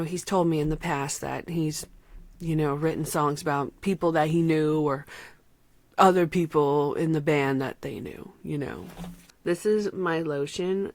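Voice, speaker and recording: Slow, heartfelt woman near tears. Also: low-pitched, dry recording. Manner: heartfelt, slow, trailing into soft whispers. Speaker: album reviewer. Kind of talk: emotional personal vlog talk.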